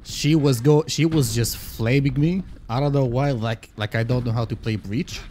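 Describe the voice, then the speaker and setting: Excitable, casually swearing male game streamer. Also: medium pitch, moderate pace, slight background noise. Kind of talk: casual live-stream gameplay commentary.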